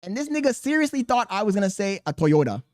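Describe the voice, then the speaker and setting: A young man hosting a podcast, telling a profane story in a casual, animated way. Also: high-pitched, quick pace, no room sound, clean studio sound. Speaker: podcast host.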